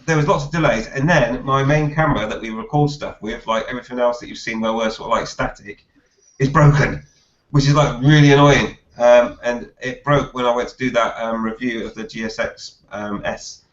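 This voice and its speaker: A man hosting a casual live chat, reading viewer comments aloud haltingly and laughing often. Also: medium pitch, fairly even intonation. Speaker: host reading viewer questions. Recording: roomy, dull lo-fi live stream audio.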